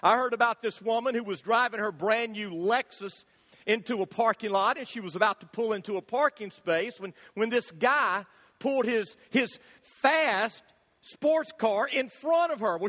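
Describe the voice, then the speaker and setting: A man preaching a sermon, telling funny stories in an animated way and acting out the shouting in them. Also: high-pitched, moderate pace. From Florida, USA. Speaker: pastor. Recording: long hall reverb.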